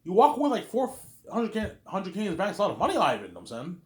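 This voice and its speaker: A man's voice: high voice, huge pitch swings, racing, darkish tone, echoey room, voice pushed up. A man voicing a pushy, greedy male business partner who insists and keeps repeating the listener's name. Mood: insistent.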